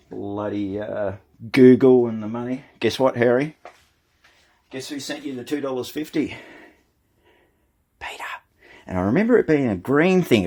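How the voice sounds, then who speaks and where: Chatty Australian man, gravelly and husky. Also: mid-range voice, a little mellow. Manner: chatty, rambling, calls viewers "mate". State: short of breath. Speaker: channel host. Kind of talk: casual live-stream chat.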